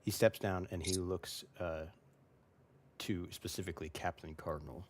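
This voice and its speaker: A man narrating as game master of a tabletop role-playing game, relaxed and halting, with many fillers. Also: low-pitched.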